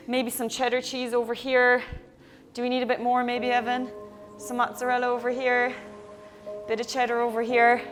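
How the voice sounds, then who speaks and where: A young Irish woman with a fairly high voice leads a children's yoga class, playfully encouraging the kids following along at home.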